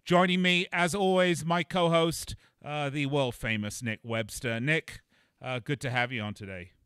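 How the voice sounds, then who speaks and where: A man hosting a sports betting radio show, upbeat and boastful, with a salesy pitch. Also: fairly even intonation, normal speed, a bit bright, clear, resonant tone, no echo, studio quality.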